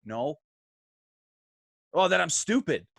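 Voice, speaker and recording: Animated, swearing storyteller man. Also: a little high, takes it slowly, creaky, dry recording, clean studio sound. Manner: animated, swearing, acts out quotes. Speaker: podcast guest. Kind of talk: casual storytelling.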